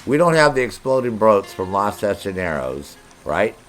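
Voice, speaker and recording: A man's voice: lowish voice, big pitch swings, moderate pace, soft background music. A middle-aged man streaming a video game, joking and swearing as he banters with his chat. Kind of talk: live gameplay commentary.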